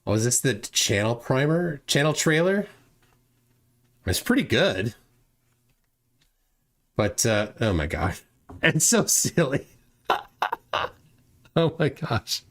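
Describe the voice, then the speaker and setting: Male host, unhurried talk, lively pitch, exasperated, mocking. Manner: exasperated, laughs at clips. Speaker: channel host. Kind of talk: live stream debate.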